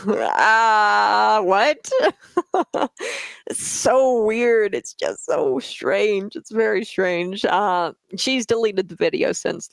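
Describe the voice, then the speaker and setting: A woman's voice: fairly low pitch, no room sound. A woman hosting political news commentary, emphatic and mocking, who laughs scornfully and keeps asking "okay?" to press her points.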